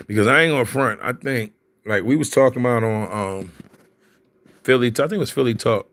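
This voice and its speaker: A man's voice: medium pitch, fairly quick, a bit bright, no echo. A man in casual chat, telling stories in slang and laughing often. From Philadelphia.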